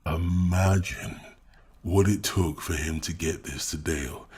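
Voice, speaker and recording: A man's voice: low voice, fairly even intonation, measured pace, darkish tone, husky. An English man giving mocking, exasperated reaction commentary, often laughing. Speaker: commentary YouTuber.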